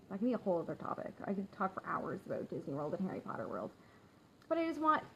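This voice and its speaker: A woman in her thirties, a work-from-home mom, chatting candidly to viewers in a casual live stream, with lots of fillers and easy laughter. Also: medium pitch. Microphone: phone. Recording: slightly dull phone audio with faint hum.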